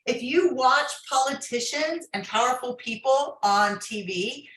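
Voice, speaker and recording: A woman's voice: high voice, measured pace, fairly bright tone, echoey room, poor audio. A woman author, a guest on an interview podcast, explaining advice in a coaching tone. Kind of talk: interview, giving workplace advice.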